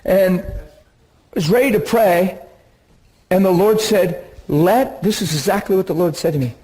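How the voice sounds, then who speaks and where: Male preacher, slightly high husky voice, animated storytelling sermon. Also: moderate pace, low-quality recording. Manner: animated, laughs and bursts into excitement while recounting.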